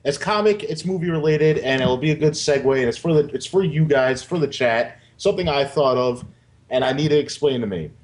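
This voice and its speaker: A man's voice: fairly high pitch, a little fast. A man co-hosting a casual comic news show, joking and swearing as he rambles. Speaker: podcast co-host.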